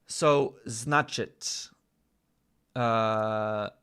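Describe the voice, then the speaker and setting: A young man thinking aloud as he studies a language, correcting himself and slowly sounding out foreign words. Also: on the low side, fairly bright tone, smooth. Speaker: vlogger learning a language. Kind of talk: casual thinking-aloud study session.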